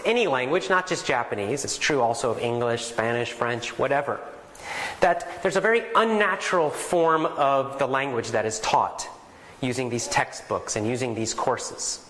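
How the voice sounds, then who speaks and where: Animated man teaching in an echoey room. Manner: animated, explanatory, acts out greetings in a lively higher voice. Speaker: language teacher. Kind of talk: casual spoken lesson.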